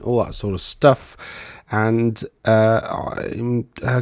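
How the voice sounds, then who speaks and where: A man's voice: medium pitch, no echo. A man, a financial planner, explaining economic charts in a casual, thinking-aloud way on his own microphone. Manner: conversational, loose and thinking aloud.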